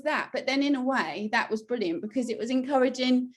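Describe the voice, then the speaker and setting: A woman in a casual interview, telling her story and acting out her own quoted remarks in a higher voice. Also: brisk, few pauses. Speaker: newly trained children's relaxation coach.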